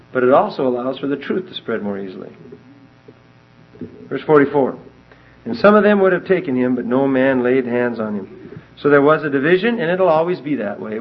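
Male Bible teacher, mid pitch, emphatic, animated delivery, dull lo-fi recording. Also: slightly rough. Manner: emphatic, animated, reads scripture aloud in King James wording.

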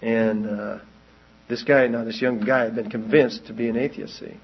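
Husky man preaching a rambling sermon. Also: mid-range voice, steady tone, normal speed, dull audio. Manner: rambling storytelling that builds to urgent exhortation.

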